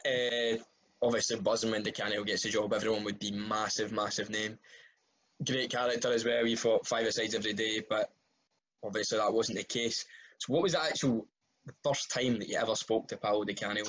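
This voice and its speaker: A man's voice: lowish voice, fairly even intonation, brisk, fairly bright tone, rough recording. A man interviewing a guest, asking easygoing follow-up questions in a casual chat.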